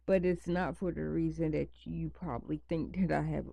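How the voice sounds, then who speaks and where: A woman's voice: deep voice, fairly even intonation, normal speed, creaky, hardly any pauses, mellow, husky, dry recording. A woman talking casually to her viewers at home, rambling and repeating her points for emphasis. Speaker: vlogger. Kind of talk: casual chat to camera. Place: home at night, near pets.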